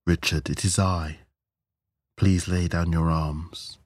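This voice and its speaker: A man voicing a serene robed man in his thirties for an audiobook story, talking in a soft, calm and kindly way. The voice sits very low and close, with a dry, intimate sound. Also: measured pace, slightly rough, no echo. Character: calm robed male cult figure, thirties, gentle.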